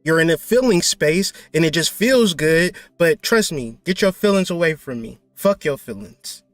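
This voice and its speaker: A man with a high voice delivers blunt, profane spiritual advice in a loose, preachy manner with playful asides. The recording is dry and close, with faint music underneath. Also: expressive, moderate pace, dry recording. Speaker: spiritual teacher. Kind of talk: casual spiritual talk.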